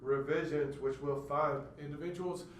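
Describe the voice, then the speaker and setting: A man's voice: fairly high pitch, fairly even intonation, moderate pace, slight background noise. A man giving a classroom lecture, explaining step by step and acting out stuttered words to demonstrate. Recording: echoey room, mic far off.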